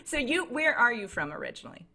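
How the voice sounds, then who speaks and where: A woman's voice: a little high, big pitch swings, fast talker, sharp tone. A woman hosting a podcast, introducing her guest in an upbeat, encouraging way. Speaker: podcast host. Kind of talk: podcast interview.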